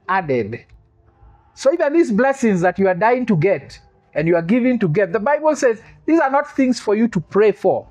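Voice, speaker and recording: A man preaching a sermon, repeating key phrases for emphasis, asking the congregation questions and adding humorous asides. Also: sits high. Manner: quizzes the congregation for responses.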